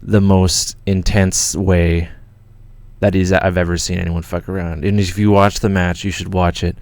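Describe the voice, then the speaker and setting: Low-voiced excitable Canadian guy. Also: normal speed, no room sound. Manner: excited, swears a lot, rambling with restarts. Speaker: channel host. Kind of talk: casual livestream storytelling.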